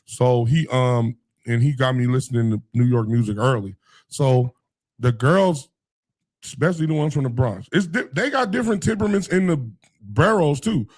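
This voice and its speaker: A man co-hosting a casual talk radio show, telling animated stories in heavy slang. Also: medium pitch, moderate pace. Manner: animated storyteller, slangy, mimics other voices. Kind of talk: casual chat.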